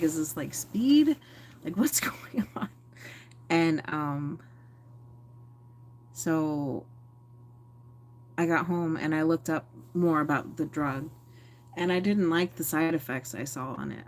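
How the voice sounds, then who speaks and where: A woman vlogger talking candidly to camera, reflective and rambling, with many fillers and self-corrections. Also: sits low. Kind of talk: candid personal talk to camera.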